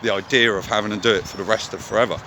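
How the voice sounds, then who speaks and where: A man's voice: fairly low pitch, steady tone, racing, pushed and bright, slight background noise. A man vlogging in a candid, casual monologue, swearing often as he talks.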